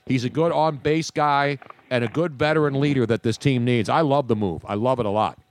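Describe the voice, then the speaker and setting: A man's voice: mid-range voice, fairly quick. A man hosting a sports radio show, chatting and joking with his co-hosts and callers. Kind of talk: casual sports talk.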